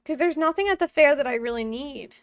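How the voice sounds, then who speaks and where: A woman's voice: high voice, brisk, no echo, distant mic. A woman in her twenties streaming a farming game from home, chatting casually with her chat and laughing often. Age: 20s. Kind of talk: casual live-stream chat while gaming.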